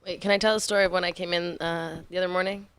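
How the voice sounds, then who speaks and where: A woman's voice: on the low side, steady tone, racing, fairly bright tone, clear, resonant tone, no room sound. A woman telling a story in casual podcast chat, chatty and giggly.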